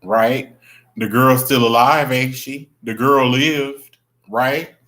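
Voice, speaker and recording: Chatty, bright-voiced man on a livestream. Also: medium pitch, steady tone, slow pace. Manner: chatty, greets viewers by name, gossipy. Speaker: livestream host. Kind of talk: casual livestream chat.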